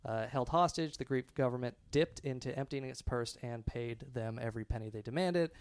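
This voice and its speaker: Sarcastic ranting podcast host. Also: male voice, medium pitch, a little fast, clear, resonant tone, no echo, clean studio sound. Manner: ranting, sarcastic, many filler words. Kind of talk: casual chat.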